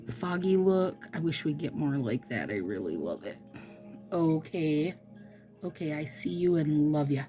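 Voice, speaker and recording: A woman chatting casually as she does her nails, gushing and trailing into soft murmurs, with faint music behind. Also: sits low, gravelly. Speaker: nail product vlogger. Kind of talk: casual chat while doing nails.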